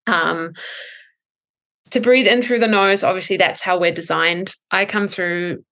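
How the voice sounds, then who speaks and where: Low-voiced woman explaining breathwork. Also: fairly even intonation, measured pace. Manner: thoughtful, explains with many ums and soft laughs. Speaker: breathwork coach. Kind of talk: podcast interview.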